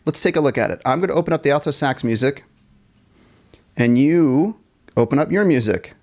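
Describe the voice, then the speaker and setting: Teaching a live online jazz band class from his computer, a man counts the band in and scats the melody lines. He's friendly and encouraging, laughing off his own small mistakes. His voice is a little high and darkish, with lively intonation and a slightly fast pace.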